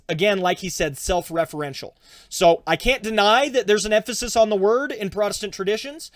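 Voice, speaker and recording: A man's voice: high voice, dry recording, studio quality. A man, a pastor, commenting on a reading in a conversational teaching style. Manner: conversational, explaining with fillers.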